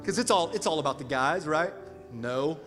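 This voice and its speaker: A middle-aged male pastor preaching a sermon with call-and-response asides and sudden swings from quiet to loud. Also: fairly high pitch, lively intonation, moderate pace. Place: large church hall. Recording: reverberant church hall with music.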